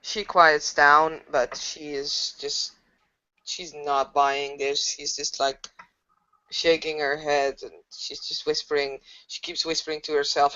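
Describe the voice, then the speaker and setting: A woman playing a tabletop game, describing her character's actions in a halting, hesitant way, on a dull lo-fi recording. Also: sits low, flat delivery, bright, forceful tone. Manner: hesitant, halting narration with fillers. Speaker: player.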